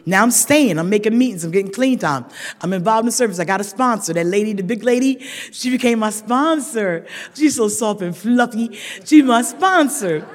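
A woman's voice: a little high, normal speed. A woman stands before a recovery meeting and shares her own story, blunt and funny, with vivid impressions of the people in it. Her voice carries through a large hall with a long, ringing echo. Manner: frank, humorous storytelling, lively voicing of quoted people. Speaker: speaker sharing at a recovery meeting. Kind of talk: personal recovery testimony.

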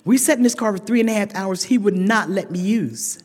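A woman speaking at a recovery meeting, telling her story with blunt humor and lively voices for the people she quotes. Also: medium pitch, a little fast. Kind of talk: personal recovery testimony. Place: large meeting hall. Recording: reverberant hall with long echo.

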